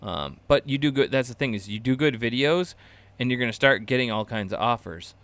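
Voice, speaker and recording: A man's voice: mid-range voice, lively intonation, fairly quick, a bit bright, dry recording. A man hosting a casual live-stream class for video creators, rambling loosely with lots of fillers and restarts, chuckling at his own asides. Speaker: channel host teaching a creator class.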